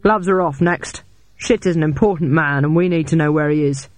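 Guy doing a cold threatening agent heavy, slow, dry close mic. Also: a little high, no echo, natural voice. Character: menacing male government agent, cold and ruthless.

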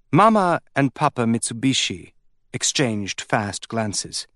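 This scripted audiobook narration comes from a man whose mid-range voice is recorded dry in clean studio sound; his storytelling stays measured and even throughout.

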